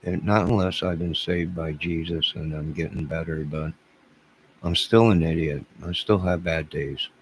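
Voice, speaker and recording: A man's voice: a bass voice, steady tone, moderate pace, a little hiss or hum, poor audio. A man hosting a casual livestream, rambling and self-deprecating as he chuckles and answers viewers' chat. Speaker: livestream host.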